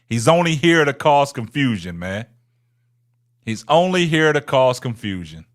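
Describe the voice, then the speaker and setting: This man's medium-pitched voice swings widely in pitch while he keeps a measured pace. He's hosting a laid-back livestream, talking to his chat, needling viewers, saying things twice, and ending lots of lines with "man."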